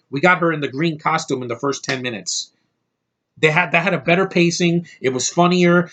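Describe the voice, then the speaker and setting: An irritated man tears into a film in a rambling, profanity-laced rant. His voice is bright and forceful and sits a little high for a man. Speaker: movie reviewer. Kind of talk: ranting movie review.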